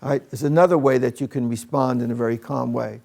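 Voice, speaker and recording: A man with a gravelly edge to his voice leads a classroom demonstration. He keeps his tone calm and direct, explaining discipline techniques to the teachers watching. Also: medium pitch, fast talker. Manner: calm and direct, speaks to the room. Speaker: teacher trainer.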